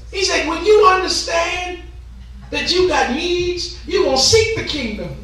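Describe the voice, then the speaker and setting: A man's voice: very high-pitched, lively intonation, unhurried, background noise. A man preaching a Pentecostal sermon, chanting with rhythmic gasped "huh"s between phrases and stretching out key words in call-and-response with the congregation. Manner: shouting and drawing out key words. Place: church sanctuary. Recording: echoey church from far off.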